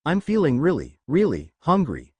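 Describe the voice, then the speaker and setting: A man's voice: fairly high pitch, wildly swooping pitch, moderate pace, darkish tone, slightly rough, dry recording, exaggerated voice. Naruto, eager clueless young ninja, read by a man. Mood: playful. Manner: blunt, earnest, a little awkward. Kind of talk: fan fiction story reading.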